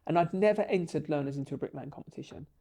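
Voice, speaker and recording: A man, a guest on a podcast, telling long stories in an animated and emotional way. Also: a little high, very fast. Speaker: podcast guest, bricklaying tutor. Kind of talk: storytelling in a podcast interview.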